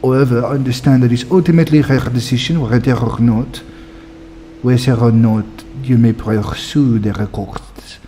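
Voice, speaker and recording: A man's voice: medium pitch, steady tone, normal speed, warm tone, a little hiss or hum, natural voice. A man voicing a proud, formal noble lord in a put-on French accent, stumbling and repeating as he reads. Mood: stately. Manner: stiff, stately, stumbles and repeats.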